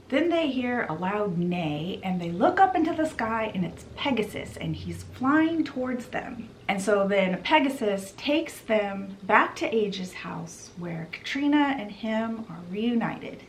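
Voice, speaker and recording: A woman's voice: mid-range voice, expressive, takes it slowly, a bit bright, slight background noise, poor audio. A woman casually retelling a book's plot for her vlog, chatty and full of fillers, getting emotional along the way. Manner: chatty, uses "she's like" and "you know"; gets emotional while retelling. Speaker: book vlogger. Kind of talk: casual book summary retelling.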